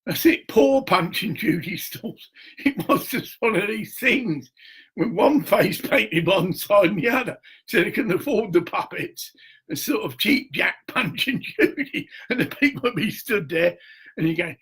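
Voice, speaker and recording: A middle-aged man talking in a rambling, crude monologue, swearing and laughing often, with a husky voice. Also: sits high, lively intonation, a little slow, a bit bright.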